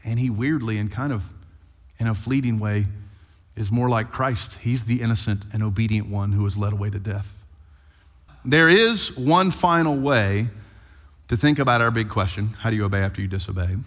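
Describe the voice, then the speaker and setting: A male pastor preaching an animated sermon and retelling scripture playfully. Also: fairly low pitch, normal speed. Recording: long hall reverb.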